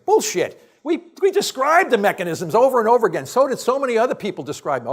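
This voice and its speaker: A man's voice: extremely high pitch, sing-song, fast talker, hardly any pauses, breathy edge. A man giving a science lecture to an audience, emphatic and exasperated, firing off blunt rhetorical questions in casual, off-the-cuff phrasing.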